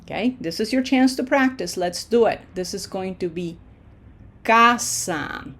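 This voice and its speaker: A woman's voice: medium pitch, animated, moderate pace, a little mellow. A woman teaching a Spanish pronunciation lesson, stretching out model words with long vowels and asking and answering her own questions.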